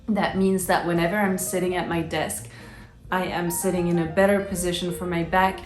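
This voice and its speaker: A fairly low-voiced woman talks casually to her viewers in English, with a French accent that slides between British and American. She sounds upbeat and chatty and restarts her sentences often. The room is echoey, with soft instrumental music playing underneath. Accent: French, shifting between British and American. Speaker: illustrator and YouTuber. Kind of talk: casual chat to camera.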